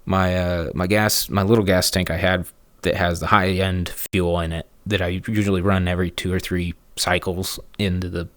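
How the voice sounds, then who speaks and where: A man's voice: deep voice, flat delivery, normal speed, a bit bright, no echo. A man casually telling a story in a rambling, snarky way, with chuckling asides.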